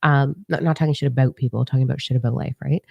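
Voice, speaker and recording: A woman's voice: very deep voice, fast talker, gravelly, husky, no room sound, muffled recording. A middle-aged woman from Canada, a spiritual coach who talks bluntly and profanely in a casual motivational monologue. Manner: blunt, profane, animated storytelling.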